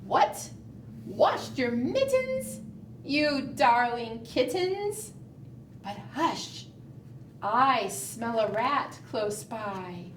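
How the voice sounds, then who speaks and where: A woman voicing a fussy mother cat who scolds her kittens in a slow, sing-song storybook voice. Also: high-pitched, very animated, reverberant, distant mic, slight background noise, heavily acted. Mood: scolding.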